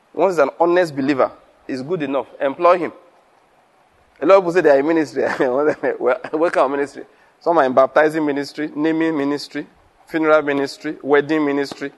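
A male pastor delivers a teaching sermon in a fairly high voice. He keeps it conversational, slipping in chuckles and rhetorical questions to check that listeners follow. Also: fairly even intonation, brisk.

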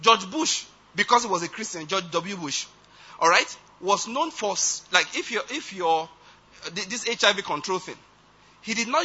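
A man's voice: sits high, bright, forceful tone, slightly rough. A man preaching a sermon, emphatic and often checking that his listeners follow. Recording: dull lo-fi recording.

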